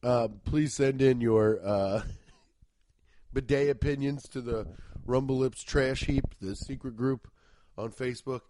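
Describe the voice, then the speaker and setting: A man's voice: mid-range voice, unhurried, slight background noise. Congested man rambling on a comedy podcast. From Cincinnati, Ohio. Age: 30s. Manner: rambling, profane, excitable. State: congested and sniffly from allergies. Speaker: podcast host. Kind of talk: casual comedic monologue.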